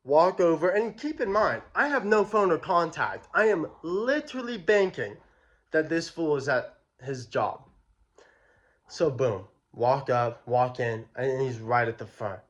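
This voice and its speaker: A man's voice: on the high side, measured pace, highs cut off. A young man telling a personal story in a casual, slangy, profane way. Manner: slangy, profane, animated retelling. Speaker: vlogger.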